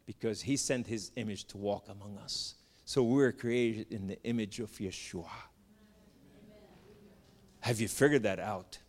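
A man giving an impassioned sermon testimony, swinging from loud cries to hushed tones. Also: fairly low pitch, a little slow. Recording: long reverb of a large hall.

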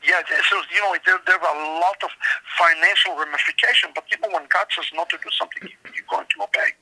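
A man's voice: high-pitched, fairly even intonation, fast, bright, forceful tone. A man with a slightly scratchy voice, earnestly telling his story as an author interviewed on a show, stumbling and restarting as he goes. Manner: earnest, emphatic, with repeated restarts. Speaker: author and guest.

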